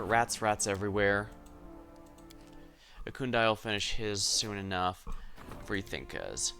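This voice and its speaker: A man streaming a video game, thinking aloud in a relaxed, musing way as he plays. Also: on the low side. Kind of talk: live gameplay commentary.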